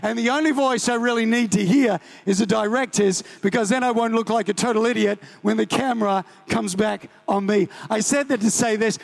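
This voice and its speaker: A man's voice: high-pitched, a little fast, creaky, hardly any pauses. A New Zealand man in his thirties preaching a sermon, telling a personal story with jokes and acted-out voices. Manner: animated, joking, acts out voices.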